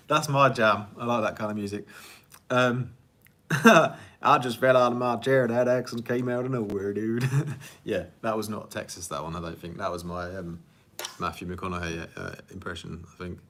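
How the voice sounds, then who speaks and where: Chatty man with a bright, low voice. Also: fairly even intonation, moderate pace. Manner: rambling, chatty, laughs often, self-deprecating. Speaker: music producer answering viewer questions. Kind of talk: casual livestream Q&A.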